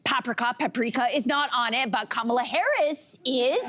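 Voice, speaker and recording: A woman's voice: high voice, animated, normal speed, background noise. A woman co-hosting a daytime talk show, chatting casually with the panel and laughing often. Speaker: co-host. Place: TV studio.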